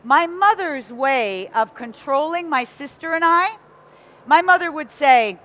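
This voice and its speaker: A woman from England with a North American accent, giving a lively motivational talk to a live audience and often asking them questions. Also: sits high, unhurried. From Nottingham, England. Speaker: motivational speaker.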